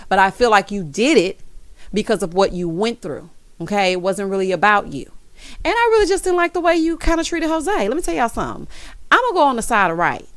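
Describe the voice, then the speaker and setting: A woman recapping a reality show in casual, sassy commentary, calling viewers honey and child and breaking into loud, high laughs. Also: brisk, dry recording. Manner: sassy, animated, side-eye asides.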